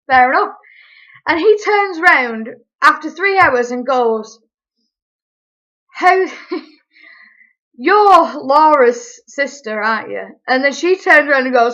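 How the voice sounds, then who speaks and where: Young woman vlogger, high-pitched, animated casual storytelling. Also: highs cut off. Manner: animated, chatty, quick asides.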